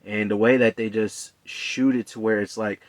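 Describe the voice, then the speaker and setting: A man giving a casual, rambling movie review in a relaxed, conversational way, with many fillers and restarts. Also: on the low side, normal speed, dry recording.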